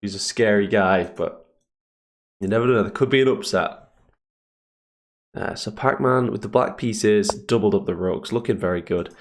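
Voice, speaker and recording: A man streaming chess and thinking aloud in a casual, hesitant way, with a deep, gravelly morning voice. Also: moderate pace, pauses often, a little hiss or hum. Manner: thinks aloud, hesitant fillers, chuckles often. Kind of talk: casual live commentary on chess games.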